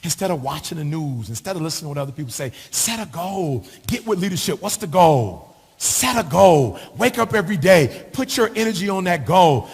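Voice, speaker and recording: Gravelly, high-pitched preaching man. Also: expressive, normal speed. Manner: preaching, with a sing-song rhythm and repeated rhetorical questions. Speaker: motivational speaker. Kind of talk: motivational speech. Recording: long hall reverb.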